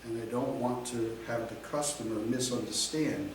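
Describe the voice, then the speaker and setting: A man teaching a real estate class, lecturing in a slow, deliberate and emphatic way. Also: mid-range voice, a little hiss or hum. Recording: echoey classroom from far off.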